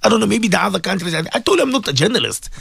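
Impassioned South African radio host, gravelly voice. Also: male voice, sits high, very animated, racing, fairly bright tone, no echo, studio quality. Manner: repetitive, rhetorical questions, emphatic. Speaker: radio show host and Muslim cleric.

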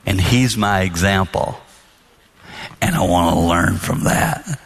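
A man giving a marriage talk to an audience, telling stories and acting out dialogue in soft voices. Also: low-pitched, lively intonation, slow pace. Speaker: marriage speaker.

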